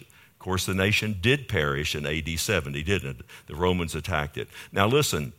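A male pastor speaks to his Fort Worth congregation in a low-pitched, slightly bright voice at a moderate pace. His sermon is emphatic, with "amen?" asides punctuating each point.

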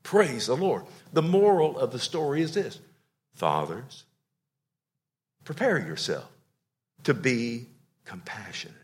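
Man preaching, loud to hushed. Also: medium pitch, very animated, takes it slowly, long pauses. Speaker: pastor. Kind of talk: sermon.

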